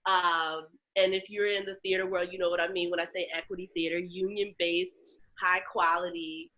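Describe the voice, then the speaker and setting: Bright, animated storytelling woman. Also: on the low side, normal speed. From Chicago. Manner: animated storyteller, acts out quoted voices. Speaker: guest, lactation educator and comedian. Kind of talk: casual interview chat.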